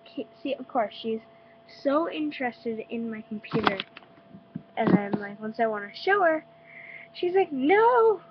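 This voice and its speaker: A teenage girl with a fairly high voice talks at normal speed in a casual home vlog, her nose stuffy from being sick and her speech full of likes and ums. It's recorded on a dull lo-fi webcam with hum.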